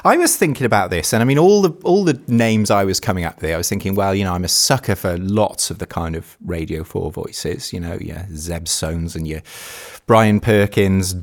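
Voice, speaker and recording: A man co-hosting a podcast in casual chat, wry and measured, reading article passages with dry emphasis. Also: sits low. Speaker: podcast co-host.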